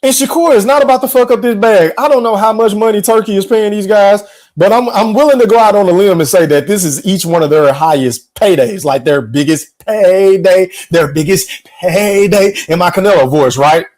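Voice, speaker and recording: A man's voice: high-pitched, brisk, darkish tone. A man hosting a podcast, giving casual, opinionated and profane commentary as he reacts to clips and talks straight to his viewers. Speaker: podcast host.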